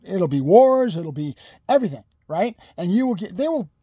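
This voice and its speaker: Furious high-voiced man ranting. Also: very animated, normal speed, warm tone, slightly rough, no echo, studio quality. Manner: heated, profane, repetitive and emphatic. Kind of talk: political rant to camera.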